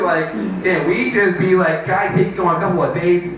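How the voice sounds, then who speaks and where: High-pitched guy rambling a stand-up bit, full of "like", super echoey room, mic kinda far. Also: moderate pace, a bit bright, slight background noise. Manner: rambling, fillers of "like", high mock voices for quoted friends. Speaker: open mic comedian. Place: small open mic venue.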